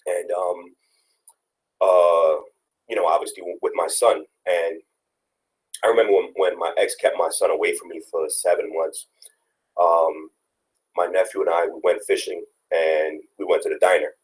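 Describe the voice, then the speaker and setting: Deep-voiced earnest young father. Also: little pitch movement, moderate pace, long pauses, poor audio. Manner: earnest, storytelling, many restarts. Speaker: guest, father. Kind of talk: casual interview talk.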